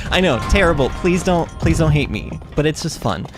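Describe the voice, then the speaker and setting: A chatty woman livestreams a game, and her pitch bounces up and down as she talks to her viewers. Game music plays clearly behind her. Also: expressive, normal speed. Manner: chatty, bubbly, full of fillers and restarts. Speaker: game streamer. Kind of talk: casual livestream chat while playing.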